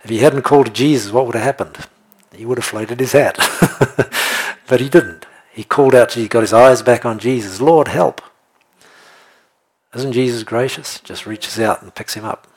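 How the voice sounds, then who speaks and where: Husky guy preaching, jokey and animated, laughs a lot, checks in with the crowd. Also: medium pitch, normal speed. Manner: animated, jokey, laughs often, asks the room "right?". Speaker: pastor. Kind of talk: sermon.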